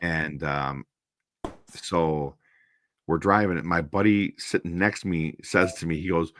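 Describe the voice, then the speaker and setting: In a dry, echo-free studio-quality recording, a low-pitched man from Minnesota takes his time telling a meandering anecdote on his stream. He animates it by acting out each person involved in quoted voices.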